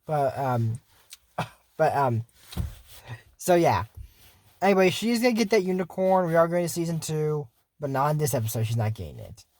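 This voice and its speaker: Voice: medium pitch, big pitch swings, normal speed, long pauses, darkish tone. A YouTuber recapping a cartoon episode in casual, digressive chat full of fillers and asides. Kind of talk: casual rambling commentary.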